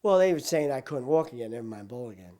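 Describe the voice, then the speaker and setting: An older man recounting his past in a documentary interview, swinging between loud, emotional bursts and hushed asides. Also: medium pitch, expressive, fast talker.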